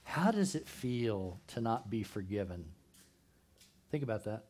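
A man's voice: on the low side, very animated, a little slow, darkish tone. A man preaching a conversational sermon as pastor at a church service, asking the congregation questions and dropping jokey asides.

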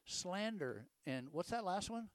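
A man's voice: sits high, very animated, a little slow, dry recording. An older man, preaching a casual, folksy sermon full of rhetorical questions and stories. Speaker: pastor.

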